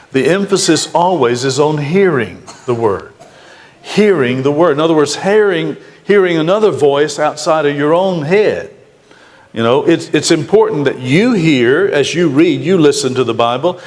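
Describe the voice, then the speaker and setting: A male pastor delivering a sermon in a church, earnest and repeating key phrases for emphasis. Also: mid-range voice. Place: church sanctuary. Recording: church sanctuary with long reverb.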